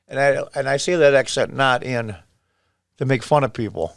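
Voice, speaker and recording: This upstate New Yorker in his sixties watches footage and comments on politics casually but emphatically, exclaiming and repeating himself. His voice sits at medium pitch, creaky and moderately paced, in a clean studio recording without room sound.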